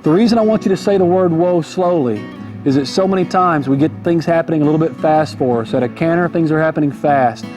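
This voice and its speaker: Man, riding instructor, folksy and relaxed, a touch high-voiced, guitar music underneath. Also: fast. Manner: easygoing, folksy, repeats key points. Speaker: horse trainer. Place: outdoor arena on horseback. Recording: music playing behind.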